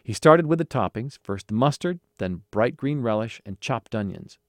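Male storybook narrator, animated, very lively pitch, dry close sound. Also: normal speed, dry recording. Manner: expressive, animated. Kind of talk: storybook reading.

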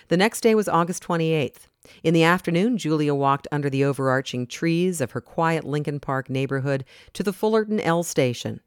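A narrator reading a storybook in a steady, clear way. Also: medium pitch, moderate pace, dry recording, clean studio sound.

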